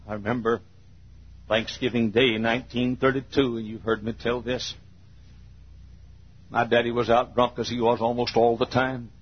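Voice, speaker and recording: A man in his sixties preaching a sermon in church. He tells folksy stories and swells into fervent near-shouting. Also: mid-range voice, level tone, moderate pace, pauses often, breathy edge. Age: 60s. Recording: dull lo-fi sermon recording.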